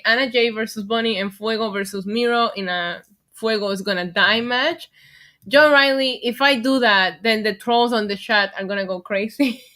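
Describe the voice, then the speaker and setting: A young woman with a New York accent hosting a casual wrestling livestream, chatty and excitable, thanking viewers in the chat by name. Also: a little high. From United States. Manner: chatty, excitable, reads chat names aloud.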